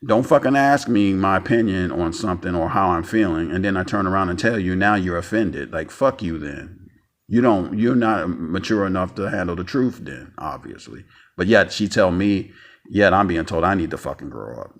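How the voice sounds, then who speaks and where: A man's voice: deep voice, expressive, normal speed. A man ranting angrily in a vlog monologue, profane and stammering, repeating himself and sounding emotionally tired.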